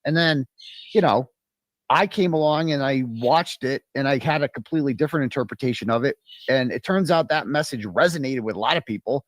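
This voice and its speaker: A man's voice: mid-range voice, no echo. Crude, mocking male stream host. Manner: crude, profane and mocking, rambling with many restarts. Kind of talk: casual live-stream commentary.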